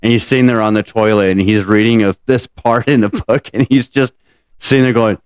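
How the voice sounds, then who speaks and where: A man's voice: on the low side, fairly even intonation, brisk, clean tone, no echo. A man hosting a casual podcast, telling rambling, profane stories. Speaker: podcast host. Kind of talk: casual late-night podcast chat.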